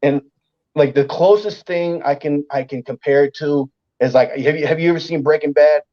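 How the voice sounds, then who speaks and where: A man's voice: fairly high pitch, moderate pace, muffled recording. A man, a comedian, telling a story in casual, profane talk and acting out the voices of the people in it. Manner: profane, animated, acts out voices in his stories. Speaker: comedian guest.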